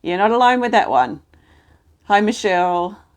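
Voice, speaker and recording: A woman hosting a live healing stream, reading out viewers' comments and answering them in a gentle, soothing, reassuring way. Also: mid-range voice, very animated, normal speed. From Australia.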